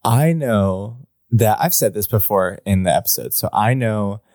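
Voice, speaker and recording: A man's voice: lowish voice, expressive, a little slow, darkish tone, no room sound, clean studio sound. A man who runs the game, chatting casually and joking in an irreverent, swearing way. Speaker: game master. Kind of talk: casual podcast chat.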